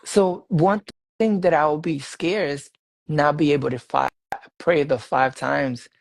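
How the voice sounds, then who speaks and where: A man telling a personal faith testimony in a casual interview, animated and laughing often, repeating his phrases. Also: a little high, measured pace, vocal fry, poor audio. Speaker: guest sharing a faith testimony.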